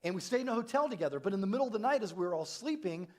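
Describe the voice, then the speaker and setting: A middle-aged man, a pastor, telling a story in a sermon and acting out the dialogue with big jumps in his voice. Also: very fast. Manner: animated, acts out dialogue with big pitch jumps. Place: church.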